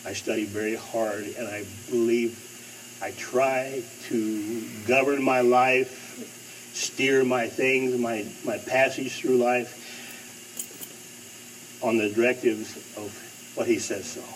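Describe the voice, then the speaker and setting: A man's voice: mid-range voice, fairly even intonation, slow, slight background noise. Man preaching from a distant mic. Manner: emphatic, repeats phrases for stress. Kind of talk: sermon.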